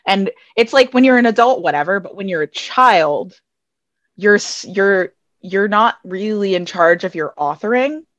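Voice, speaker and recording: A woman's voice: mid-range voice, animated, measured pace, fairly bright tone, no room sound. An American woman in a casual podcast discussion, explaining ideas in a rambling way with many restarts. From United States. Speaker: podcast guest.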